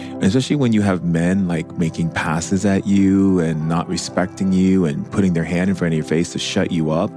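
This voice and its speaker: A man hosting a podcast, closing an interview with effusive, gushing praise for his guest. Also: sits low. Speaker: podcast host. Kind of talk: warm interview wrap-up.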